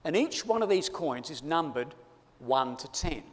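A man's voice: on the high side, big pitch swings, unhurried. Playful Australian man in a reverberant hall. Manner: playful, teasing banter with the audience. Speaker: speaker giving a presentation. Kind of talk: lively audience-participation talk. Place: large hall before a live audience.

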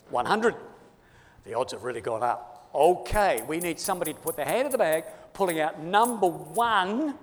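An Australian man giving a playful, teasing talk to a live audience in a large hall. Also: fairly high pitch. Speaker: speaker giving a presentation. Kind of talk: lively audience-participation talk. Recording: long hall reverb.

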